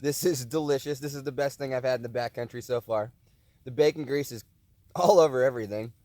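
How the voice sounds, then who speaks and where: A man's voice: mid-range voice, brisk, warm tone, dry recording. A man vlogging at a winter backcountry camp, chatting casually and relishing his camp food as he eats. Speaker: outdoor vlogger. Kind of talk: casual vlog chat while cooking and eating.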